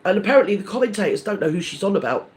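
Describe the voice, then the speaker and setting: A man's voice: sits high, big pitch swings, racing. A man hosting a live stream, ranting in a rambling, indignant, gossipy way with many restarts.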